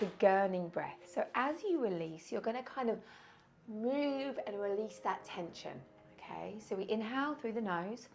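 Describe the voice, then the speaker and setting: Gravelly-voiced woman guiding a calm yoga class. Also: mid-range voice, a little hiss or hum. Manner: slow soothing guidance with audible sighs. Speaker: yoga teacher. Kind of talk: guided yoga class instruction. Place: indoors, windy weather outside.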